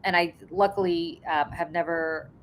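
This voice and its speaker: Woman podcast host on a video call, animated storyteller, salty tongue. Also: on the low side, moderate pace. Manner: animated storytelling, swears freely. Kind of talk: casual chat.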